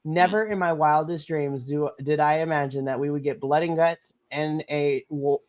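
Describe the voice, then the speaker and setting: A woman co-hosting a wrestling podcast, reviewing matches in gushing, animated casual chat that breaks into shouts of excitement. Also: low-pitched, normal speed, dry recording.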